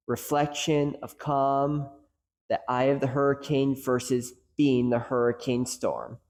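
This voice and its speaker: A man's voice: medium pitch, darkish tone. A man hosting a casual coaching lesson, joking and acting out little asides as he talks, with long hall reverb. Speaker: host and coaching educator. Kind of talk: casual educational talk.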